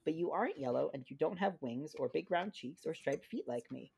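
A reader voicing a lonely little yellow bird chick in a storybook read-aloud, in a plaintive tone. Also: medium pitch, animated, brisk, vocal fry, husky, dry recording, heavily acted.

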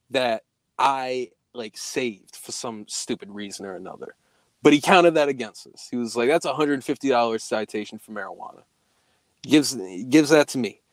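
A young man telling a story in casual podcast chat, profane and animated, acting out the quoted dialogue. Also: medium pitch, no room sound.

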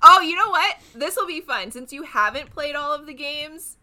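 Bright, giggly young woman. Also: sits high, lively intonation, moderate pace. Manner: giggly, playful teasing. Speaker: podcast co-host. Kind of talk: casual chat.

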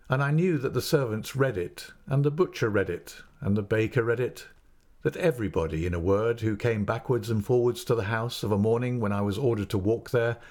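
Guy reading an old novel out loud, steady and expressive, mid pitch. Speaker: narrator. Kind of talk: reading a classic novel aloud.

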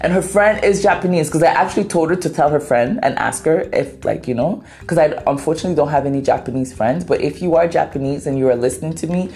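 Talking fast in a low voice with few pauses, this podcast host is a woman from Ghana whose first language is Twi. Her storytelling is casual, animated, dramatic and playful, and she performs the voices she quotes.

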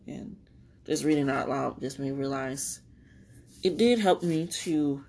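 A woman with a low voice talks through her thoughts in a loose, rambling podcast monologue. She is candid and swears freely, laughing often, and at times she sounds tearful. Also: breathy edge. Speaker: podcast host. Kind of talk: reflective solo podcast monologue.

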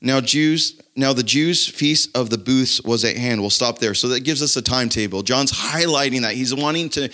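A man's voice: mid-range voice, moderate pace, hardly any pauses, sharp tone. Man preaching conversationally. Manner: conversational preaching, reads scripture aloud. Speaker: pastor. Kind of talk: sermon.

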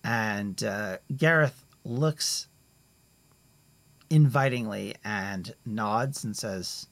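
A man runs a tabletop game, describing the scene in an unhurried, halting way. He circles back, corrects himself, and lets pauses hang as he narrates. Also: fairly low pitch, vocal fry, no room sound. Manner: rambling, halting, many fillers and restarts. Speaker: game master.

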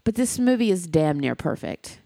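Outspoken woman chatting on a podcast, swears a bit, low-ish voice, dry sound. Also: lively intonation, moderate pace, warm tone, no room sound. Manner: candid and emphatic, swears freely. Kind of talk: casual discussion.

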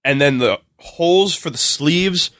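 A man on a comedy podcast, retelling a movie with lots of laughs and quick acted-out voices. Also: a little high, no room sound, clean studio sound. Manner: animated storytelling, acts out characters in quick voices, laughs often. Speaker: podcast guest recapping a movie. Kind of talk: casual comedic podcast chat.

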